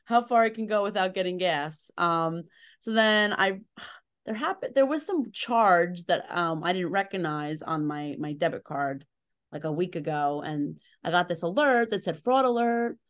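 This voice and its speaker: A woman in her thirties chatting casually, telling animated, self-deprecating stories with lots of fillers. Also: fairly low pitch, moderate pace. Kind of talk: casual chat.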